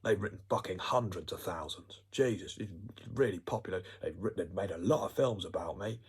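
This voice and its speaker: A man's voice: deep voice, a little fast, slightly rough, full character voice. A man putting on a boastful, vain dictator in an offhand voice close to his own. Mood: smug.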